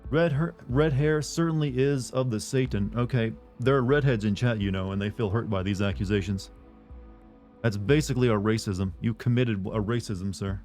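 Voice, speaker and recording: A man's voice: lowish voice, moderate pace, a little mellow. Male streamer, sarcastic rambling chat with viewers, faint music underneath. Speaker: live streamer.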